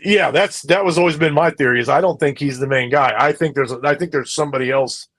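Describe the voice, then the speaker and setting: A man's voice: on the high side, brisk, fairly bright tone. A man co-hosting a podcast in casual chat, rambling and repeating his phrases. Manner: rambling, repeats himself often. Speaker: podcast co-host.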